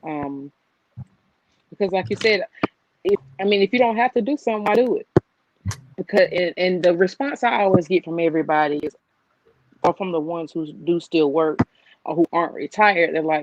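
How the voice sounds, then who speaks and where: A woman who cares for her mother, talking candidly in a podcast chat and joking her way through it. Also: fairly low pitch. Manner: candid, joking, quick to quote people. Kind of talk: casual podcast discussion. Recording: dull, lo-fi and dry.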